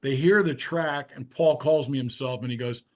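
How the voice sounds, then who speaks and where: Medium-pitched and at a normal pace, an older musician guest wanders through anecdotes during a casual interview, with frequent restarts and side remarks.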